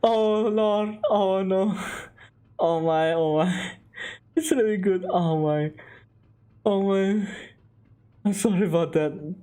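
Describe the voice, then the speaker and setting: A man casually commenting on a game he is streaming, reacting in an animated, giggly way. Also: sits high, takes it slowly, long pauses, smooth.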